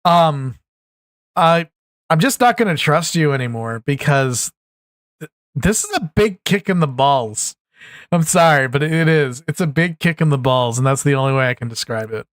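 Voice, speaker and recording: A man's voice: fairly high pitch, animated, moderate pace, no echo. A tired man giving casual, rambling political commentary, frustrated and restarting often. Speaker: commentary YouTuber. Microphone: USB desktop mic.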